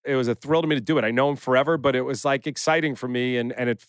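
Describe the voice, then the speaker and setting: Man, middle-aged, podcast host, lively storytelling, dry sound. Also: medium pitch, very fast, smooth, no echo. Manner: animated storyteller, acting out quotes. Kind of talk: casual chat.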